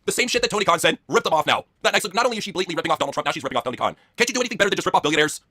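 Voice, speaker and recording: A man rattles through a casual wrestling chat at a very fast clip. He jokes crudely as he goes. His voice is bright and sits dry and close to the mic. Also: sits high, expressive, no echo. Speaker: podcast co-host.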